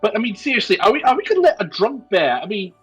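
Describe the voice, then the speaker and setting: A man's voice: high-pitched, very animated, quick pace, breathy edge, faint music behind, rough recording. A man playing his character in a tabletop game, wry and persuasive. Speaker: player.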